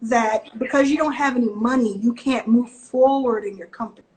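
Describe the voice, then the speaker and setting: A woman's voice: fairly high pitch, normal speed, low-quality recording. Direct Southern woman on a video call. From Southern US (Texas and Mississippi). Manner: direct, animated, acts out quotes. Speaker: venture capital investor, guest. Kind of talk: casual video-call interview.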